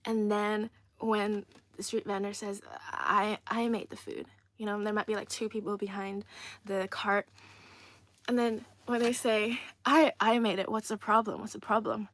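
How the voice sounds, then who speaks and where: A woman's voice: medium pitch, steady tone, normal speed, fairly bright tone. A young woman chatting casually on a livestream, reading viewers' comments aloud with frequent giggles. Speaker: streamer reading live chat.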